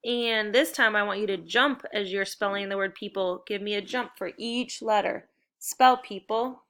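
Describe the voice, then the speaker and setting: A woman teacher leading a spelling lesson for young children, upbeat and encouraging as she gives clear step-by-step directions. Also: mid-range voice, unhurried, a bit bright.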